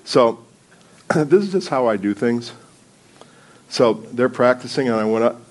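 In a church sanctuary before a congregation, a man serving as guest preacher opens his sermon casually with loose, self-deprecating stories, laughing often. His mid-range voice is animated and a little slow.

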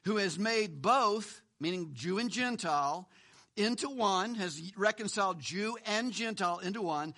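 Bright, high-voiced preaching man. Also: lively intonation, a little slow. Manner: emphatic, rhetorical questions, repeats words. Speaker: pastor. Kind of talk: sermon.

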